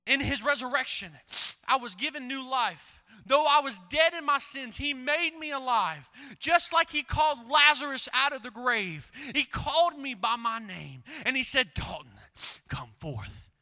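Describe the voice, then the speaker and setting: A man's voice: extremely high pitch, animated, normal speed, pushed and bright. A young man preaching fervently as a student pastor, breaking off to joke with the crowd. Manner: fervent preaching that swings to a joking aside with the crowd. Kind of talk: sermon.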